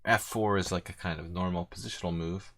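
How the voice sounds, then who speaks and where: Low-voiced man thinking aloud over chess. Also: fairly even intonation, fairly quick, a bit bright. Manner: thinking aloud, unsure and self-mocking, many fillers. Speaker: chess streamer playing blitz. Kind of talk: casual live commentary while playing.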